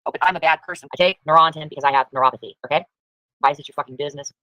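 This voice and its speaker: A woman's voice: low voice, very fast, bright, forceful tone, no room sound, muffled recording. A woman live streamer giving angry, profane reaction commentary to her chat, condemning another streamer. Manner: profane, heated, preachy.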